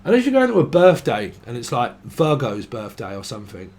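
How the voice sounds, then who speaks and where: A man's voice: mid-range voice, wildly swooping pitch, brisk, a little mellow. A man giving a casual, rambling tarot reading, swearing and laughing between tangents. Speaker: tarot reader.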